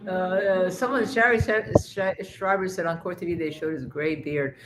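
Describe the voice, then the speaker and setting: Animated woman legal co-host. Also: lowish voice, moderate pace, background noise. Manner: animated, restarts often, emphatic. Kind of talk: casual chat about a trial.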